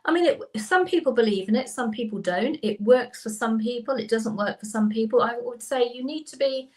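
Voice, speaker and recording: A woman's voice: on the high side, a little fast, poor audio. A woman co-hosting a casual live-stream chat as a tarot reader, explaining things with enthusiasm and laughing easily.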